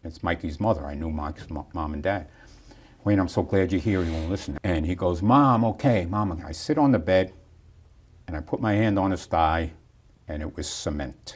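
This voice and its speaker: A man with a very deep voice tells a long story from his work in bodybuilding. He acts out each person's lines as he goes, rising and falling with the drama. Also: brisk, a little mellow. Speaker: bodybuilding promoter. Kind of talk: storytelling in an interview.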